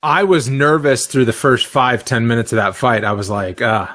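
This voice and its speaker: A sports commentator co-hosting a podcast, chatting in a relaxed way with lots of fillers. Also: male voice, mid-range voice, normal speed, dry recording. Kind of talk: casual podcast chat.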